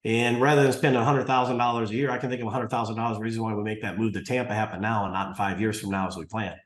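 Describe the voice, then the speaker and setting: A man's voice: fairly low pitch, steady tone, rapid-fire. Rambling man in his sixties, roomy sound. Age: 60s. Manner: rambling, restarts often, acts out dialogue. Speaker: martial arts school owner, guest. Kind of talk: casual interview storytelling. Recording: roomy echo.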